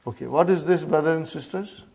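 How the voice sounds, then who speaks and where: A man leads a classroom language lesson in a slightly higher than usual voice. He says each phrase slowly and repeats it, then stops often to ask his students if they follow. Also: vocal fry, darkish tone, a little hiss or hum. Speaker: Arabic language teacher.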